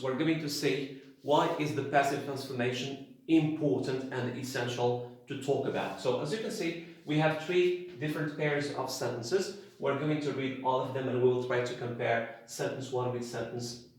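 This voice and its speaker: A man teaching an English grammar lesson, explaining slowly and repeating key phrases for emphasis. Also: medium pitch, heavy reverb.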